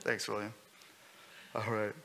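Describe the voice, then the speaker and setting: A man preaching a sermon as pastor, conversational and lively, with sudden loud bursts. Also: on the low side, unhurried, gravelly. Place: church hall. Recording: long hall reverb.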